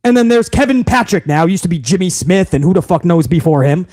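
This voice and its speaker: A man's voice: sits high, fairly quick, few pauses, a little mellow. A man who hosts a wrestling show, ranting casually with heavy swearing and sarcasm. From New York. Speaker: wrestling podcast host. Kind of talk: casual rant.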